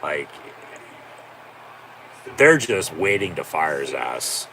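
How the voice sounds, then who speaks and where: A man's voice: rumbling low, big pitch swings, slow, a bit bright, a little hiss or hum. A man hosting a live watch-along, giving profane, sarcastic, exasperated reaction commentary.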